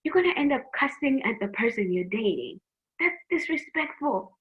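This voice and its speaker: A middle-aged woman speaks at a moderate pace in a fairly high, sing-song voice, teaching teens in a faith-based youth program. Frank and earnest, she repeats words often as she advises them, and the recording has a tinny, phone-like quality.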